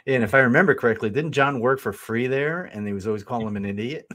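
A man's voice: mid-range voice, fast, fairly bright tone. A man co-hosting a podcast, agreeing and chuckling along in casual talk. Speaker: podcast co-host.

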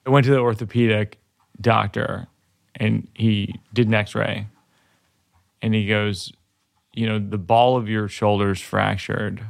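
A man's voice: fairly low pitch, level tone, unhurried, vocal fry, pauses often. A man in his forties, a stand-up comedian, telling a rambling, self-deprecating story in casual chat while working through jokes. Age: 40s.

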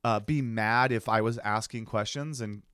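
A podcast co-host tells a story during casual chat, animatedly acting out the dialogue. His voice is fairly low, clear and resonant at a normal speed, recorded with studio quality and no room sound.

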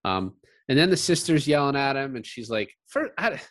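A man's voice: mid-range voice, lively intonation, fairly quick, no echo, clean studio sound. Chatty male co-host who laughs through his scene recaps and talks in loose fillers. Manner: chatty, laughs often, retells scenes with quoted lines. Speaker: podcast co-host. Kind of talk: casual film discussion.

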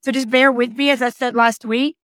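A woman's voice: a little high, steady tone, brisk, fairly bright tone, dry recording, studio quality. A passionate woman, stuffy and nasal from a cold, telling a personal story on her podcast with emphatic repeats. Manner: emphatic, repeats phrases, restarts often. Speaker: podcast host and motivational speaker. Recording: outdoors in rain.

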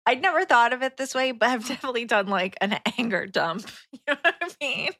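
Giggly bright-voiced woman co-host. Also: fairly high pitch, expressive, fast talker, no echo, clean studio sound. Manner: giggly, laughs often. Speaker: podcast co-host. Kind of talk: reading a listener story aloud, casual chat.

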